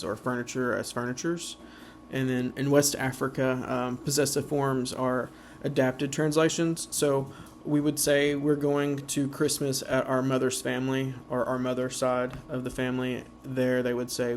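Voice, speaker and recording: Halting man presenting slides, flat voice. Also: medium pitch, a little hiss or hum. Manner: halting, many uh and um fillers; slows down to sound out example words.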